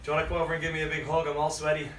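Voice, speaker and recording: A man, out of breath, leading a live workout with energetic cues and chatty asides. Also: fairly high pitch, very fast. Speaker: fitness coach. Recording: echoey room, mic at a distance, faint music.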